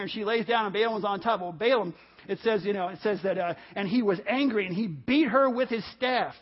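A male pastor preaching a sermon, animated and storytelling, acting out the voices in the stories he tells. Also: high-pitched, a little fast. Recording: dull lo-fi audio.

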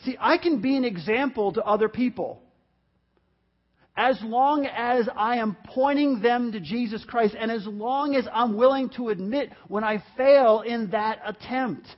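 A man's voice: very high-pitched, measured pace, highs cut off. A man preaching earnestly as pastor, reading scripture and introducing a guest. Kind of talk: sermon.

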